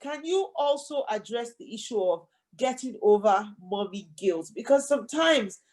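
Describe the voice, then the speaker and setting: A woman's voice: a little high, animated, normal speed, a little mellow. A middle-aged woman hosting an interview, affirming and summing up her guest's points before asking questions. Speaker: host.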